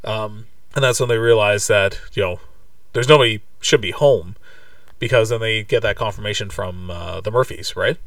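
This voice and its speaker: A man's voice: lowish voice, moderate pace, fairly bright tone, dry recording, studio quality, distant mic. A man co-hosting a podcast, retelling a movie scene by scene in casual chat, with lots of fillers and restarts. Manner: rambling, many fillers and restarts. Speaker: podcast co-host.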